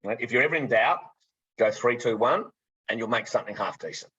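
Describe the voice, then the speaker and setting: A man's voice: mid-range voice, brisk, bright, forceful tone, breathy edge. A man presenting a gin tasting with energy, stumbling over repeated words as he goes. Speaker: distillery co-founder presenting a tasting. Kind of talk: enthusiastic casual presenting. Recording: muffled, slightly lo-fi sound.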